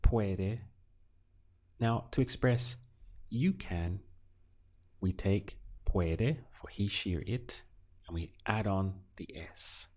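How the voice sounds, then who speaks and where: A man teaching a recorded language lesson, asking slow, deliberate questions and pausing for the learner to answer. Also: on the low side, darkish tone. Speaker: Spanish teacher.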